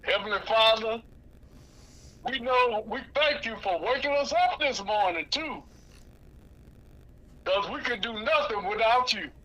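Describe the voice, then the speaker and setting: A man who is a pastor, leading a slow, measured spoken prayer on a radio call. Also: high-pitched, animated, sharp tone, poor audio.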